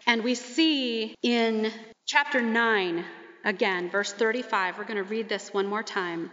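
A woman giving a sermon, retelling a gospel story with quick asides and acting out the voices of the people in it. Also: on the high side, a bit bright. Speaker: Bible teacher. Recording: muffled, long hall reverb.

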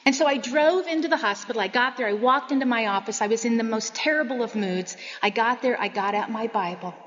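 Female Bible teacher, higher voice, earnest sermon delivery, dull lo-fi recording. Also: brisk, fairly bright tone, in a large hall. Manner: earnest, personal storytelling.

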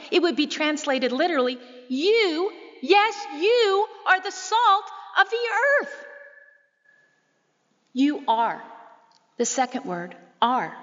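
A woman pastor with a high voice preaches an emphatic, measured sermon and leans on rhetorical questions. Her words ring out with a long reverb, as if in a large sanctuary. The sound is a little muffled and dull. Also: a bit bright. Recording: muffled, echoey sanctuary recording.

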